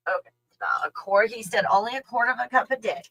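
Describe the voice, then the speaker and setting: A woman's voice: a little high, quick pace, vocal fry, bright, forceful tone. A middle-aged woman chatting casually on a livestream in a rambling way, laughing often and talking to her dog. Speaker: channel host.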